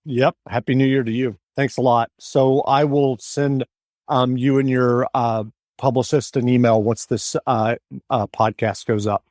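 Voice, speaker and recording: A man's voice: mid-range voice, steady tone, measured pace, darkish tone, no room sound, studio quality. Casual male podcast host. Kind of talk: interview podcast.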